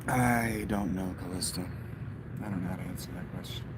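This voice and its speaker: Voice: low voice, brisk, very noisy. A vlogger making offhand, rambling asides in casual chat inside a vehicle.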